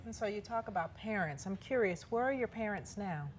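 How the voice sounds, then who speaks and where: A woman co-hosting a talk show, introducing segments and asking a guest gently probing questions. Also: medium pitch, animated, a little fast, slight background noise.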